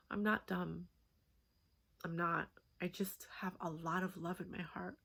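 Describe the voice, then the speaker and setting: A vlogger in her thirties tells a personal story in a candid, rambling way, full of fillers and swearing. Her fairly low voice is creaky and fairly even in intonation, a little fast.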